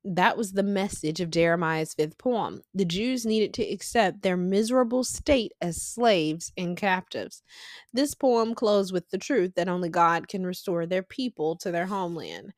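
A woman's voice: fairly low pitch, measured pace, no room sound, studio quality. A young woman hosting a casual Bible study podcast, talking in an emphatic, conversational way with slangy asides. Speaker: podcast host.

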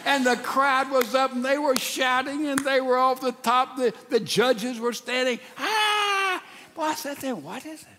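An older man preaching a sermon in a folksy, animated way, with stammered restarts. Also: very high voice, normal speed, hardly any pauses, a little hiss or hum. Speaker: pastor. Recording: long reverb of a large hall.

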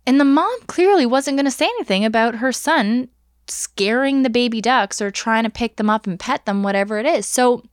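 A woman in her thirties hosting a podcast, telling a story in a chatty, animated way and asking listeners for their opinions. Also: on the high side, dry recording, studio quality. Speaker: podcast host. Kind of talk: casual storytelling monologue.

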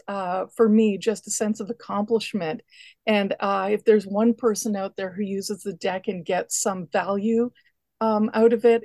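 A woman guest who creates decks, speaking in a measured, thoughtful way in casual chat over a remote call. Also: medium pitch, dark tone, dry recording.

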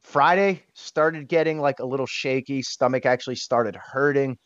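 A man's voice: mid-range voice, moderate pace, no room sound. Emotional man, candid and blunt. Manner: emotional, blunt, swears casually, many restarts. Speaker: podcast guest. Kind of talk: candid personal storytelling. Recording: dull lo-fi dry sound.

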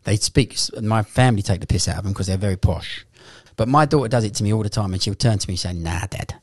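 A man's voice: fairly low pitch, fast talker, no room sound, studio quality. A man, chatting casually and bantering with a friend, swearing freely. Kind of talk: casual chat.

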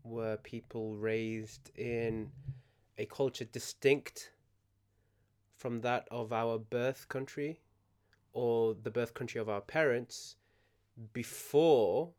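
A man co-hosting a podcast, giving a definition in a measured way. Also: mid-range voice, steady tone, darkish tone, smooth. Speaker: podcast co-host. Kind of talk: casual podcast discussion.

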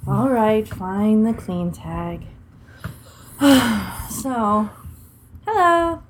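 A woman's voice: mid-range voice, lively intonation, drawn-out words, background noise. A woman in a listener's recorded message, teasing her partner in a mock-indignant way. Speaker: listener sending audio. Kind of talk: casual chat.

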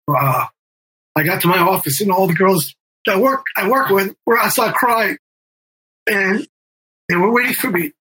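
A man's voice: high voice, sharp tone, slightly rough, poor audio. A middle-aged man telling a long story in casual interview talk, rambling with fillers and restarts and swearing. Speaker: guest, band member and music manager.

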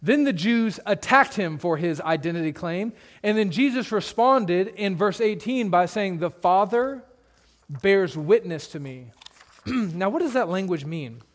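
A man's voice: high voice, animated, unhurried. A male pastor preaching an expository sermon in a conversational way, with humorous asides and points repeated for emphasis.

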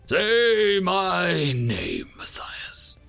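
Vengeful armored soldier, snarling and menacing, voiced by a male storyteller; slow, gravelly menace. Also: on the high side, sing-song, a bit bright, faint music behind, voice pushed up, exaggerated voice.

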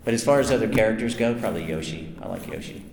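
Racing along in a lowish voice, a male voice actor responds to fan questions at a convention panel. He's chatty and self-mocking, telling long, animated anecdotes and acting out quotes. The sound is echoey, with some noise from the hall.

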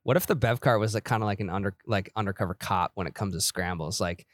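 A man's voice: fairly low pitch, fast, no echo, clean studio sound. A man co-hosting a podcast, chatting casually and riffing on jokes with his friends. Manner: joking, riffing on ideas. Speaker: podcast co-host. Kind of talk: casual chat.

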